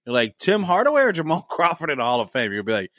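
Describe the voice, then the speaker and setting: A man's voice: on the high side, fast, no room sound, clean studio sound. A man co-hosting a casual sports talk show, joking and arguing with loose, profane banter. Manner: animated, swearing, jokey, argumentative. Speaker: podcast co-host.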